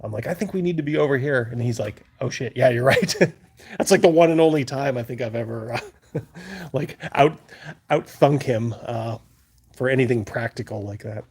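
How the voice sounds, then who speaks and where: This livestream host speaks at normal speed in a mid-range, slightly rough voice. He tells stories to chat in a relaxed, rambling way, laughing as he goes and dramatizing his own panic at full volume.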